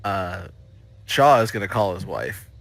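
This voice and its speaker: A man's voice: deep voice, big pitch swings, unhurried, gravelly, no echo, faint music behind. A man as a player in a tabletop game, describing his character's actions casually. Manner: casual, hesitant.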